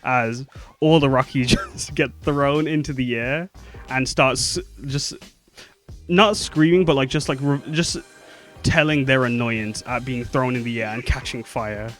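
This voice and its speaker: A man's voice: mid-range voice, fairly even intonation, a little slow, fairly bright tone, soft background music. A man narrating a tabletop game as game master, rambling and correcting himself as he goes.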